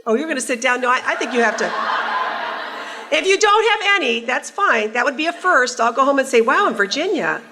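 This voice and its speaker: A woman's voice: high-pitched, lively intonation, a little fast, noisy background. A woman in her sixties giving a conference keynote in a large hall, a wry, conversational storyteller who teases the audience. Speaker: keynote speaker.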